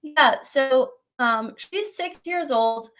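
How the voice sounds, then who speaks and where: Woman, young adult, live Q&A host, somewhat high voice, conversational, reassuring. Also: animated, slow. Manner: conversational, gently reassuring, often asks "right?". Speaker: host answering viewer questions. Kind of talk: live Q&A advice stream.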